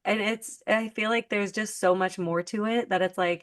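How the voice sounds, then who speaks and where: A woman's voice: medium pitch, fairly even intonation, normal speed, few pauses. Chatty woman podcast host, filler-heavy. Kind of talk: casual chat.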